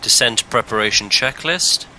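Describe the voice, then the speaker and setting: A man's voice: medium pitch, animated, moderate pace, pushed and bright, slight background noise, poor audio. A man voicing an airline captain, answering checklist items in short clipped replies. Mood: brisk. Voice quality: clipped procedural callouts.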